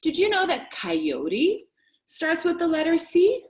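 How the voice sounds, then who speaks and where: High, lively woman leading kids yoga. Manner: playful, animated, drawn-out phrasing. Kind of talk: sing-song guided kids yoga class. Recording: echoey room, voice from a distance.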